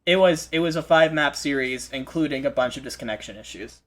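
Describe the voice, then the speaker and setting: A man hosting a live esports broadcast, commentating with excitable energy and frequent restarts. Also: medium pitch. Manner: excitable, fast restarts and repeated phrases. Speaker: esports play-by-play host.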